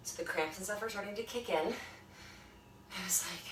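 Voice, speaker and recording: A woman's voice: mid-range voice, moderate pace, long pauses, fairly bright tone. A woman leading a home workout class, chatting and cheering viewers on between breaths, filmed on a phone from across the room. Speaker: fitness instructor. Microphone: phone camera from a distance. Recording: echoey room, distant phone mic, background noise.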